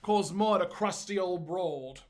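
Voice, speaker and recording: A man's voice: high voice, unhurried. A man co-hosting a podcast, casually retelling a sitcom episode scene by scene. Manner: storytelling, walks through scenes step by step. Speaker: podcast co-host.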